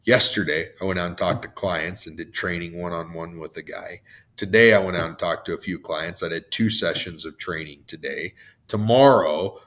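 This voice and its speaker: A man hosting a motivational podcast, his voice hoarse and worn out, rambling off on tangents and laughing at himself. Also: low voice, a bit bright. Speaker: podcast host.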